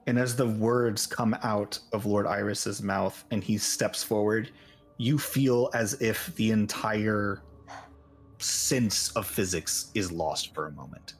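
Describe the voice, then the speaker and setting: A man narrating a tabletop game as game master, lively and quick to laugh. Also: lowish voice, breathy edge.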